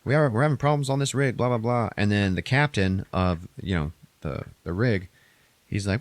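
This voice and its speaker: A man's voice: on the low side, normal speed, dry recording. A man casually recapping a movie on a podcast, rambling and profane, acting out characters' lines in a raised voice.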